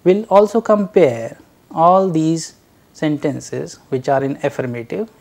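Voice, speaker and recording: Man lecturing, gravelly voice, animated pitch, slow drilled example phrases. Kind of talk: recorded language lecture.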